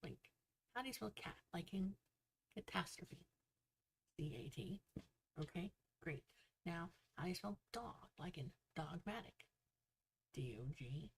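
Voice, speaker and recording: A woman voicing an exasperated male grocery worker, sarcastic and patient, with a gravelly, husky tone. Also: lowish voice, animated, unhurried, long pauses, heavily acted.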